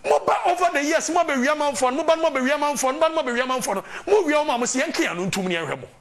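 A man's voice: very high voice, lively intonation, very fast, a bit bright. A Ghanaian man giving an impassioned political talk, emphatic and preaching, mixing English and Twi. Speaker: political commentator.

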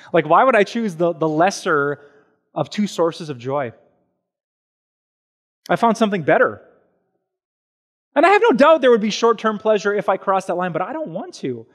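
Animated male pastor preaching. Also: high-pitched. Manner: animated and conversational, with everyday examples and quick asides. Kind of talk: sermon.

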